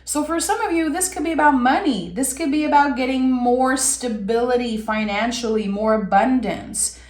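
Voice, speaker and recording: A woman giving a tarot reading, talking earnestly and warmly straight to the viewer. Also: high-pitched, moderate pace. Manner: earnest, heartfelt, addresses viewer directly. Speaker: tarot reader. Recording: roomy echo.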